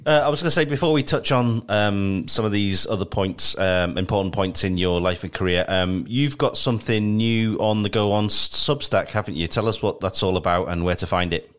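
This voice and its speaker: A man's voice: on the low side, fairly quick, hardly any pauses, fairly bright tone, smooth. A man hosting a podcast, asking a question hesitantly with fillers. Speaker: podcast host. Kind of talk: interview question.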